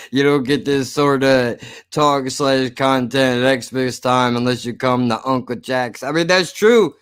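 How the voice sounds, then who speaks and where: A man's voice: medium pitch, fairly bright tone, clean tone, dry recording. Profane slurring man ranting. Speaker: podcast host. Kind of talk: casual rant to listeners.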